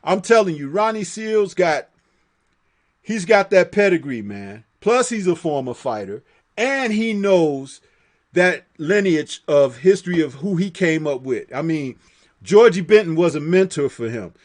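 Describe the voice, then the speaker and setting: A man with a high-pitched voice hosts a live boxing chat stream. He talks in an animated, profane way and laughs often. He reads viewer comments aloud between his takes. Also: unhurried. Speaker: boxing talk host.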